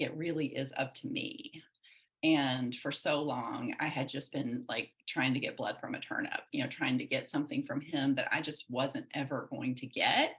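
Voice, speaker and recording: A woman in her forties with a low, deep-set voice tells her own story as a podcast guest. She speaks in an earnest, reflective way, with loose run-on sentences. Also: a bit bright. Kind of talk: candid personal storytelling.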